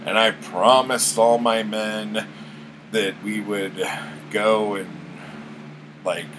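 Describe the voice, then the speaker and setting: Man playing a barbarian warrior, brash, crude, swearing, low voice, air conditioner hum. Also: steady tone, slow pace. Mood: cocky.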